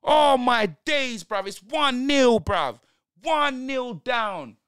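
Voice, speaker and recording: A man's voice: extremely high pitch, slow pace, clear, resonant tone. Slangy London man streaming a match. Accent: London multicultural English. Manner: slangy, animated, exclaiming at the match. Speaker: football watch-along streamer. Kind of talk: live watch-along commentary.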